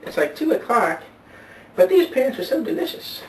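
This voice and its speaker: Guy doing a squeaky toothless old granny, way up high, echoey room, mic kinda far. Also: very animated. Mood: dreamy. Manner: high warbling put-on voice, drawn-out hums. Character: toothless old woman, eighty or ninety, placid. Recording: roomy echo, far from mic, faint hiss.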